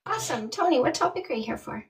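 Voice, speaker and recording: A woman's voice: high-pitched, very animated, quick pace, far from the mic, noisy background. A woman from Canada, a dating coach, chatting casually and bubbly with viewers on a livestream, often laughing.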